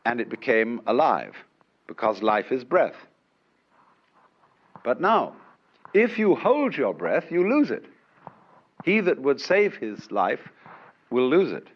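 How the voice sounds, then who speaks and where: A man giving a public lecture in an unhurried, wry way, with chuckles, on an old lo-fi recording from a lecture hall. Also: mid-range voice, wildly swooping pitch. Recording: dull lo-fi archive lecture recording.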